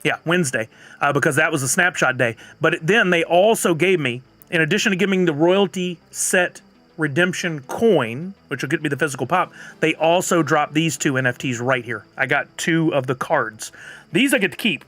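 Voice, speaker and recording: A man's voice: on the high side, normal speed, fairly bright tone, dry recording. A man streaming live, chatting casually and answering viewers' comments. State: has the hiccups.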